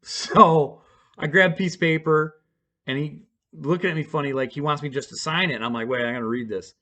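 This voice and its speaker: A man's voice: on the high side, brisk, sharp tone. Rambling, profane man telling a story. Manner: rambling, profane, with many fillers and restarts. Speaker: vlogger telling a personal story. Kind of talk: casual storytelling to camera. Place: at home.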